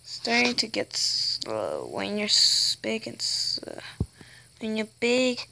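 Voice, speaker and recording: Female gamer host, high and a bit fried, unhurried, excitable chatter over gameplay. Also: vocal fry, noisy background. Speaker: gaming channel host. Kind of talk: gameplay commentary.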